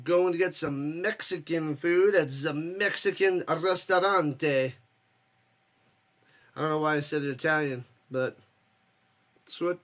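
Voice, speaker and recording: A man with a high, forceful voice calls the game live for his stream. He chats casually with viewers between plays and erupts into shouts when something big happens. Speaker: watch-party streamer and host. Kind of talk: casual live play-by-play commentary.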